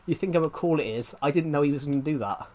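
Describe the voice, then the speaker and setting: A man's voice: fairly high pitch, fast talker, darkish tone. A young man in his twenties chatting casually on a live game stream, rambling and restarting his sentences as he talks. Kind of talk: casual live-stream chat while playing.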